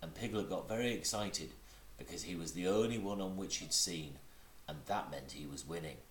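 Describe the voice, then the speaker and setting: A man reading a children's storybook aloud in an animated way, now and then slipping and correcting himself. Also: low-pitched, moderate pace, slight background noise. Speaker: reader. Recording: roomy echo.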